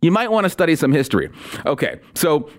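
A sarcastic male podcast host delivering political commentary. His pitch sits a bit high and swings widely as he hammers points home by repeating them. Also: very animated, quick pace. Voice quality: sarcastic, repetitive emphasis.

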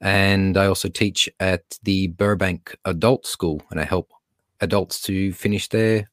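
A man's voice: sits low, steady tone, unhurried, fairly bright tone, no echo, studio quality. A man with an Australian accent, a school teacher appearing as a guest on a podcast, talking in a friendly, joking way. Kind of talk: podcast interview.

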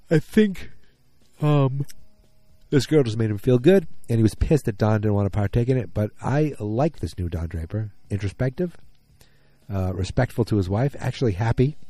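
This TV show recapper has a fairly low, dark-toned voice and casually walks through an episode, retelling scenes and quoting characters. He rambles with lots of ums and restarts. There's no echo.

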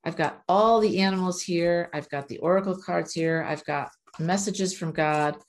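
A woman's voice: lowish voice, normal speed. A woman giving a casual oracle card reading to her viewers, earnest and encouraging, sometimes blunt. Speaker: spiritual oracle card reader.

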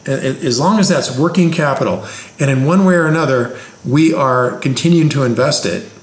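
Homme qui explique l'investissement avec des exemples simples, ton de professeur, pièce qui résonne. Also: male voice, medium pitch. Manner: plain-spoken, teacher-like, explains with examples. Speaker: investing expert. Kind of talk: casual explanatory conversation. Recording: roomy echo.

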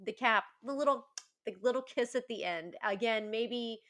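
Woman in her 30s, pretty high voice, storytelling on a podcast, laughs a lot. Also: moderate pace, fairly bright tone. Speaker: podcast guest. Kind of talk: casual chat.

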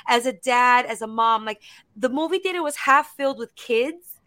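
Bright, animated woman voice actor. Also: fairly high pitch, normal speed, no echo. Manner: animated, laughing, acting out quotes. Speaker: voice actor guest. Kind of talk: casual interview chat.

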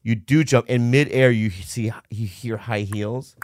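A man's voice: medium pitch, fairly even intonation, unhurried, a little mellow, no echo, clean studio sound. A man from Minnesota in casual conversation, candidly telling a rambling personal story with lots of fillers.

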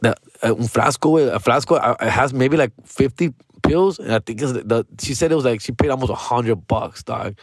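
A man's voice: medium pitch, a little fast, few pauses, husky, dry recording. Laid-back slangy man talking in a dry room. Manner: slangy, profane, peppers talk with "dog" and "fool"; switches into Spanish mid-sentence. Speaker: vlogger. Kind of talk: casual personal monologue. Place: his room at home.

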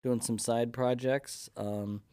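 A man's voice: medium pitch, steady tone, slow, dark tone, clean tone, dry recording, clean studio sound. A man, an enthusiastic guest chatting casually on a podcast. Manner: enthusiastic, upbeat. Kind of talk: casual chat.

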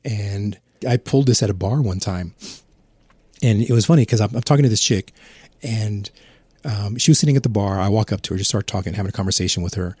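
A man's voice: lowish voice, brisk, warm tone, breathy edge, dry recording. A man chatting casually on a podcast, telling rambling, profane anecdotes. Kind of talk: casual chat.

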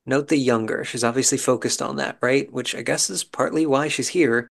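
A man's voice: mid-range voice, normal speed, gravelly, fairly bright tone. A man hosting a podcast, giving a wry, chatty recap of a reality show episode with musing asides. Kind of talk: casual commentary.

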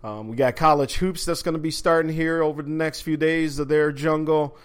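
A man's voice: fairly high pitch, fairly even intonation, a little fast, smooth. A man hosting a sports talk podcast from an office, talking casually with plenty of fillers and restarts. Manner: laid-back, chatty, many fillers and restarts. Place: home office.

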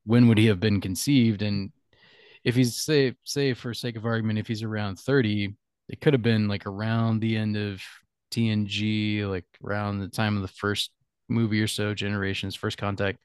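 A man with a lowish voice talks through his thoughts in a relaxed, rambling podcast chat, often chuckling as he goes. His voice is close and dry, with almost no room sound around it. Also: moderate pace, clean tone, dry recording. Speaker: podcast host. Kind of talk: casual chat.

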